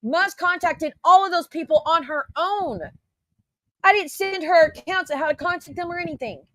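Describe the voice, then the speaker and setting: A woman's voice: very high voice, normal speed, pushed and bright, no room sound. A woman commentator ranting in her own defense, firing rhetorical questions and swearing. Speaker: YouTube commentator. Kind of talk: heated reaction rant.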